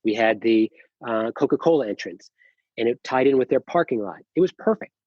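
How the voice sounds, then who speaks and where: A middle-aged man, a company founder, telling his story as a podcast guest, animated, acting out quoted dialogue, with many fillers and restarts. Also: medium pitch, a little fast, husky, no room sound, muffled recording. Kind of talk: casual storytelling interview.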